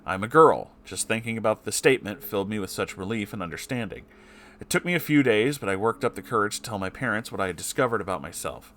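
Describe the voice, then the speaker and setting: Man with a lowish voice reads a story aloud, cutting in with heated, profane reactions. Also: expressive, fast, a bit bright, a little hiss or hum. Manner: breaks off to swear and react angrily. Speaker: story reader.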